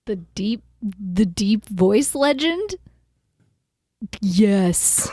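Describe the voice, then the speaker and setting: A woman co-hosting a comedy podcast, riffing on absurd answers in a deadpan way. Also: medium pitch, very slow, long pauses, no room sound, clean studio sound. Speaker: podcast co-host. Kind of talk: casual comedy podcast chat.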